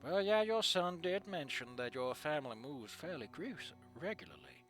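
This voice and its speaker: A man reading a story aloud, voicing a courteous father of the son's friend who asks calm, curious questions. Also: fairly high pitch, normal speed, faint music behind. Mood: polite.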